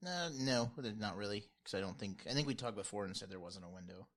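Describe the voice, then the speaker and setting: A man running a tabletop game as game master, narrating in a relaxed, matter-of-fact way. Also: lowish voice, fast.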